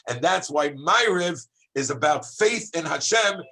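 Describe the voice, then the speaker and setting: A man, a rabbi, teaching a high school class in an animated, exclamatory way, calling on students by name and shouting at times for emphasis. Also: unhurried, few pauses. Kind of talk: lively classroom lesson.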